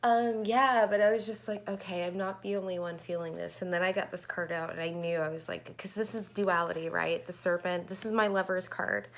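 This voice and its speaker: A woman's voice: lowish voice, gravelly, fairly bright tone, slight background noise. A woman tarot reader in a rambling, chatty vlog, often stopping to correct herself. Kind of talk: casual tarot reading chat.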